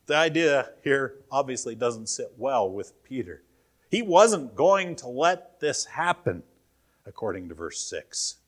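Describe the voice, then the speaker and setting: A pastor with a mid-range voice preaches a sermon conversationally, frequently posing questions to his listeners.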